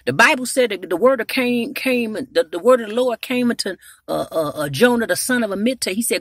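A woman's voice: on the high side, animated, a little fast, hardly any pauses, dry recording. Woman evangelist, storytelling sermon that builds to exhortation; dry close sound. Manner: preachy storytelling, swells louder to exhort, frequent hallelujahs.

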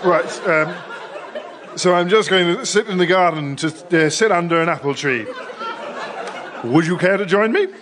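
A mumbling hapless British teacher. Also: male voice, high voice, measured pace, long pauses, crowd noise. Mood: muddled. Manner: hesitant, mumbling, ad-libbing. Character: hapless male teacher muddling through a school play. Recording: studio audience laughter behind. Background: live audience laughter.

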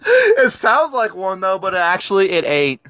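A man's voice: high voice, huge pitch swings, unhurried, background noise. A teenage boy chatting casually and joking with friends on a gaming call, laughing often. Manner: giggly, joking, playful. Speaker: vlogger on a call.

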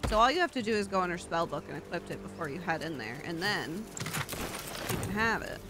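A woman's voice: lowish voice, expressive, fairly quick. A woman streamer giving casual gameplay commentary, blunt and crude with jokes. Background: game music.

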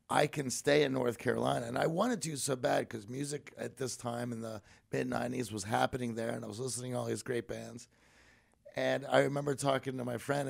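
A man's voice: on the high side, creaky. A man in his forties from Pittsburgh, a podcast guest telling earnest, reflective stories about himself in a conversational way. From Pittsburgh, USA. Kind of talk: conversational storytelling.

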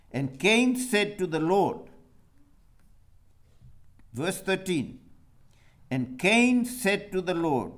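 A man's voice: high voice, expressive, slow. A man preaching a sermon, reading scripture aloud and putting questions to his listeners. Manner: reads scripture aloud and asks the congregation questions.

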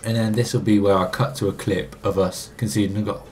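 A young man giving excitable, casual commentary while playing a football game, arguing back at the screen and laughing. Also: fairly low pitch, a little fast, soft background music. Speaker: gaming YouTuber.

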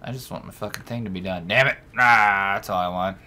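A man hosting a let's-play, chatting casually over gameplay and swearing freely as he reacts with jokes and bursts of excitement. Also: fairly low pitch, a little fast. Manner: profane, excitable, joking.

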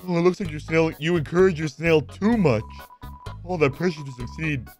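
A man voicing a shy, mopey ghost who runs a snail farm, reading game dialogue aloud in a flat, awkward way. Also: fairly high pitch, normal speed, soft background music, natural voice.

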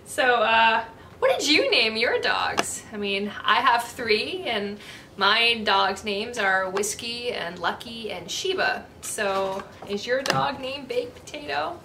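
A young woman hosting a storytime, reading a children's picture book aloud in a sing-song, expressive way. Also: a little high, takes it slowly, far from the mic. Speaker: storytime host. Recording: echoey room, voice from off-mic, faint hiss.

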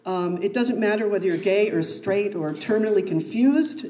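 A woman giving a prepared introduction to a speaker at a meeting, halting and restarting her words. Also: medium pitch, warm tone, slight background noise. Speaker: event host introducing a speaker. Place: meeting room.

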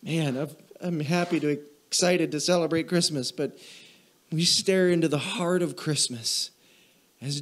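A man preaching a church sermon as pastor, who repeats short phrases in a steady cadence, asks the congregation for an "amen", and gets emotional while reading. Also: fairly high pitch, measured pace. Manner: repetitive preaching cadence, call and response. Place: church sanctuary.

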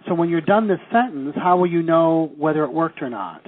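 A man's voice: on the high side, animated, fairly quick, slightly rough, dry recording. A man teaching a live seminar, coaching the audience and asking them questions. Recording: tinny phone-like live audio.

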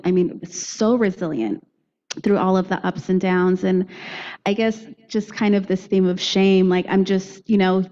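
A woman's voice: mid-range voice, darkish tone. A woman in the audience, speaking earnestly and effusively and searching for her words as she asks a question. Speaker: audience member. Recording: muffled audio in a reverberant hall.

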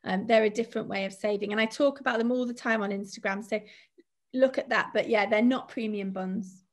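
Woman, financial adviser, fairly high voice, steady explainer. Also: fairly quick. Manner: explanatory, steady, thinks aloud with fillers. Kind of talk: presenting a finance talk.

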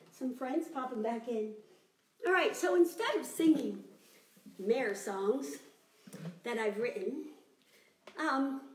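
Slow-talking woman leading a kids' sing-along. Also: high-pitched, roomy sound. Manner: animated, chatty, greets viewers by name. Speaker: children's music teacher. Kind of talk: live-streamed children's sing-along.

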